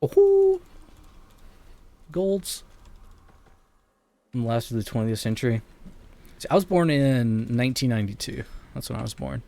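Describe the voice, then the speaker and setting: A man's voice: medium pitch, fast, creaky, a little mellow. A man in his late twenties chatting casually on a live stream while gaming, rambling and chuckling often, talking into a streaming mic in his bedroom. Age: late 20s. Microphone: streaming mic with noise gate.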